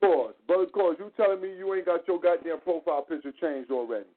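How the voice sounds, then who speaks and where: High-voiced man ranting over a phone line. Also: quick pace. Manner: profane, animated storytelling with mocking quoted voices. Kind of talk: casual chat.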